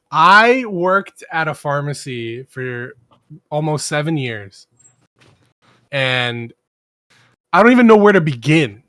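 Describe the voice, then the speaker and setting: Hesitant man chatting, a bit high. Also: fairly bright tone, dry recording. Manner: hesitant, searching for words. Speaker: podcast co-host. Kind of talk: casual chat.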